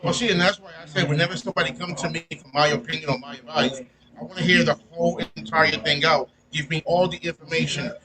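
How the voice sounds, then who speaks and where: A man in casual podcast talk who explains his view at length in a steady way. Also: a little high, quick pace, a crowd in the background, low-quality recording.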